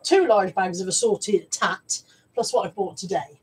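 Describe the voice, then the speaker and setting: A woman's voice: medium pitch, a little slow, darkish tone, husky, poor audio. A middle-aged woman chatting casually on a live stream, reading out viewer comments and talking about her resale stock. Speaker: vlogger and reseller.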